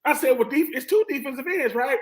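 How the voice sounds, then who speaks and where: A man in his forties, a former football player on a sports talk panel, telling stories in a lively way and acting out what others said. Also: extremely high pitch, a little fast. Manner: animated storyteller who acts out quoted voices.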